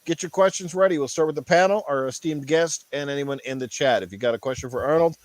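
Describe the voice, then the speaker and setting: A man with a rough throat hosting a casual gaming podcast, rambling easily and reading chat aloud. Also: on the high side, fast talker, hardly any pauses, no room sound. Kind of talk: casual live-stream chat.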